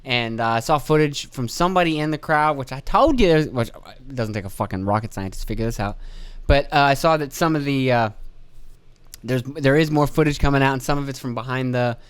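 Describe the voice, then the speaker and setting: A man's voice: mid-range voice, a little fast, clean tone, dry recording. A man hosting a podcast in a casual comedic rant, swearing often and rambling from story to story. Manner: profane, rambling, acts out voices. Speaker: podcast host.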